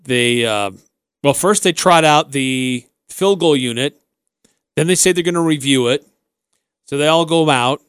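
A man's voice: a little high, measured pace, smooth, no echo. Dry-voiced male sports radio host. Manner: animated play-by-play recounting. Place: radio studio.

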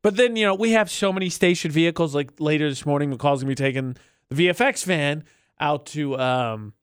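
A man's voice: a little high, fairly quick, clean tone, dry recording, studio quality. A man co-hosting a morning radio show, telling stories in a chatty, joking way. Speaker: radio co-host.

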